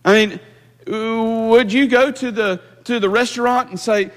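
A pastor delivers an emphatic sermon in a high, ringing voice. He stumbles over and repeats words as he presses each point home. His voice carries a long hall reverb from the church sanctuary. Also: normal speed, fairly bright tone.

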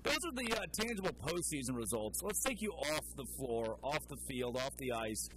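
A man's voice: medium pitch, animated, moderate pace, noisy background. A man hosting a national sports radio show, interviewing a guest in a joking, upbeat way.

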